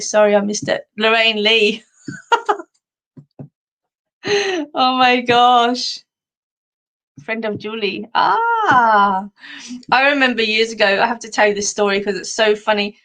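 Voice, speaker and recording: At a moderate pace with long pauses, a middle-aged Australian woman hosts a live stream in a slightly bright voice on the high side. She's a chatty storyteller who rambles through funny stories and laughs frequently.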